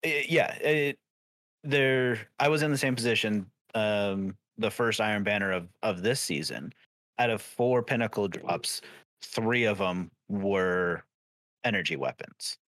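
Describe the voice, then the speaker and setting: A man talking as a guest on a gaming podcast, measured and agreeable with halting restarts. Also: fairly low pitch, a bit bright, no room sound. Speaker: podcast guest, content creator. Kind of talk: casual podcast chat.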